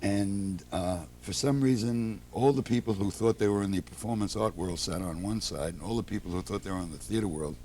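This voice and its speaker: A man with a lowish voice, guest on a talk program, telling relaxed stories in an animated way. He slips into the voices of the people he quotes. There is a faint hiss behind him. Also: brisk, hardly any pauses. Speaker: interview guest, theater producer. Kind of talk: relaxed anecdotal storytelling.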